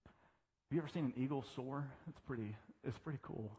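A man's voice: medium pitch, normal speed, warm tone. A man preaching a sermon as pastor, mixing humorous stories and self-deprecating asides into his teaching. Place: church sanctuary. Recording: church hall reverb.

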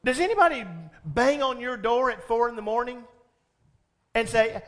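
High-voiced man as pastor, lively storytelling sermon with questions to the congregation. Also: normal speed, pauses often.

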